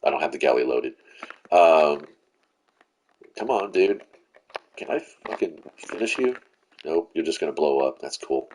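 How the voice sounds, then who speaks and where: Extremely low-pitched yet animated, this man talks unhurriedly with long pauses in a slightly mellow tone, over a faint hiss or hum. He hosts a gaming channel, venting frustration through profane, rambling live commentary that restarts and leans on fillers.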